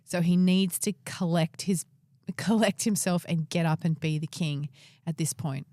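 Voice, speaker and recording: A woman's voice: lowish voice, a little slow, mellow, no echo, clean studio sound. A woman co-hosting a podcast, casually retelling a Bible story and asking her co-host questions.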